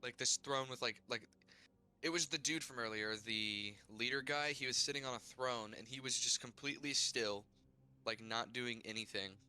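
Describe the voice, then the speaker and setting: A man's voice: medium pitch, moderate pace, sharp tone, smooth. A man recapping his character's adventure in a tabletop game, in a rambling, casual way full of "like" and restarts. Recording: faint music behind.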